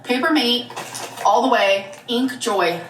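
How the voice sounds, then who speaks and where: A woman's voice: fairly high pitch, takes it slowly, slight background noise. A woman chatting through a casual haul vlog in a rambling, chatty way. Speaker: vlogger. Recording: echoey room, voice from far off.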